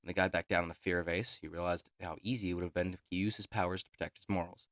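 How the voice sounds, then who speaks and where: A man reading his own character bios aloud in a casual, halting way full of fillers, through an overdriven mic. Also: sits low, steady tone, a bit bright, dry recording, clean studio sound. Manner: halting, filler-heavy, self-deprecating. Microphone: clipping, overdriven mic.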